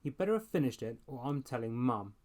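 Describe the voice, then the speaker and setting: Male narrator playing a taunting teenage bully, loud and sneering. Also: mid-range voice, very animated, brisk, close to an everyday voice. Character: bullying older teenage brother.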